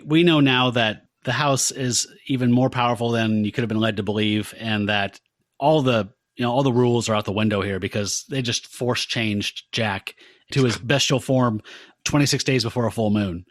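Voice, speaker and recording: A man recaps a horror comic in casual podcast talk, playful and easygoing. His voice sits at a middle pitch, and the recording is dry and close. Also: dry recording. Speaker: podcast co-host. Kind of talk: casual comic book discussion.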